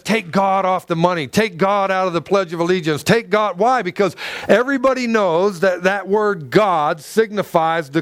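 A man preaching a sermon as pastor, telling a story with animation and acting out the voices in it. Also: high-pitched.

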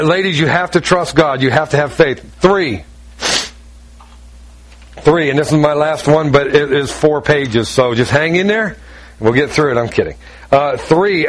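A man preaching a sermon in a conversational, storytelling way with emphatic points. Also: sits high.

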